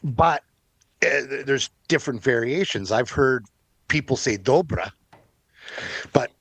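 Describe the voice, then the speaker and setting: A man's voice: medium pitch, a little slow, vocal fry, fairly bright tone, no room sound. A man from Canada in casual podcast chat, telling stories unhurriedly and laughing often. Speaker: podcast co-host.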